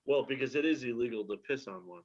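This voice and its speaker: A man's voice: mid-range voice, fast, muffled recording. A man co-hosting a casual chat, tossing in dry one-liners and hesitant guesses. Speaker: co-host. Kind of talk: casual banter.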